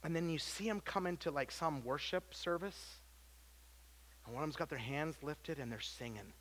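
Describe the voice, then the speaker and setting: Emphatic pastor with bright voice. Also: male voice, normal speed. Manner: emphatic preaching, rises loud then drops low; self-interrupting with repeated words. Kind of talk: sermon.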